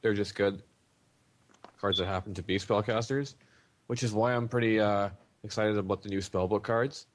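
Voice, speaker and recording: Low-voiced man rambling about card picks. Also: steady tone, normal speed. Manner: rambling, many ums and restarts. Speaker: podcast co-host. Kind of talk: casual card-game chat.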